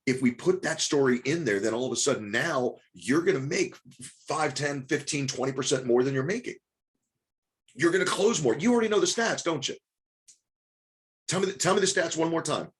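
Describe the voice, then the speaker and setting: A man coaching a group on a live call, talking quickly with many restarts and rhetorical questions. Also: a little high, expressive. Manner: rapid, repetitive restarts, coaxing and rhetorical questions. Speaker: business coach.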